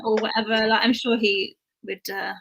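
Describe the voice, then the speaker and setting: A woman's voice: medium pitch, level tone, normal speed, creaky, bright, forceful tone. A woman comedian with a Bristolian accent, chatting as a guest over a video call, laughing often and using casual slang. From England. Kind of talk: casual chat show interview.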